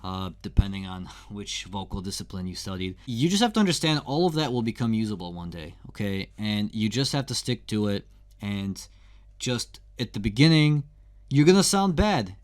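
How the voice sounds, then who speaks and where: A man's voice: lowish voice, sing-song, moderate pace. A young adult man giving a casual, candid singing lesson in a conversational, slangy way. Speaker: singing teacher.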